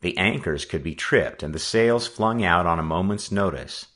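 A man with a low voice narrates an audiobook, bright and forceful in tone. His reading is lively, swinging widely up and down to carry the adventure along. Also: moderate pace. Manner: animated reading.

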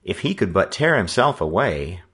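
Audiobook narrator, man, very deep and lively in pitch. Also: moderate pace, breathy edge. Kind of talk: scripted narration.

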